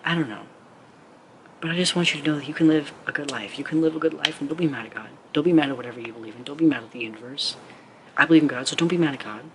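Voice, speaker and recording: A man's voice: a little high, rapid-fire. Earnest man rambling to camera. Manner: earnest, rambling, heavy use of 'like'. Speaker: motivational speaker. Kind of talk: casual direct-to-camera talk. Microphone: camera mic. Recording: clear steady background noise.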